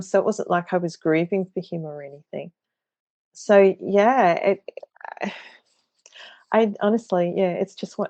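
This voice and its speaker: Gravelly low-voiced Australian woman. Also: darkish tone, dry recording. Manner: hesitant, earnest storytelling with many restarts. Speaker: guest. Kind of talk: recounting a personal experience. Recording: dull lo-fi dry sound.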